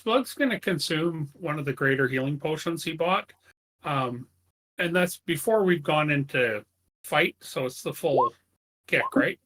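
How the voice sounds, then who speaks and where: An eager man at a tabletop game asks questions about his character's actions. His voice sits a little high and sounds bright. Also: animated, measured pace, low-quality recording. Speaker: player.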